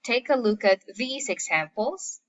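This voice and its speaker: A woman teaching a lesson at an unhurried pace. She stresses each term she lists. Her voice comes through slightly muffled, lo-fi audio. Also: fairly high pitch, expressive. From Philippines. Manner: slow, deliberate, stresses each listed term. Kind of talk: recorded classroom lecture.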